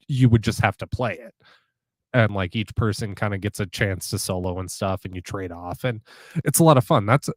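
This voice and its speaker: A lower-pitched man talks in a loose, rambling way and often stops and restarts his sentences. The sound is dry and close, with little room echo. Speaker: guitar player guest. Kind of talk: casual conversation.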